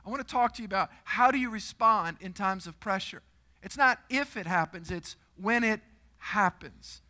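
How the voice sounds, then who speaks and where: High, bright-voiced man preaching. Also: moderate pace. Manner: storytelling, animated, shouts and screams for effect. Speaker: guest preacher. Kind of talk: sermon. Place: church auditorium.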